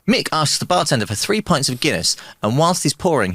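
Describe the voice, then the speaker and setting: A man's voice: medium pitch, big pitch swings, fast, hardly any pauses, a bit bright, breathy edge, no room sound, studio quality. A man, a podcast guest, telling jokes playfully and doing little voices for the characters. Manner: playful storyteller who does voices in jokes. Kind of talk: casual joke-telling chat.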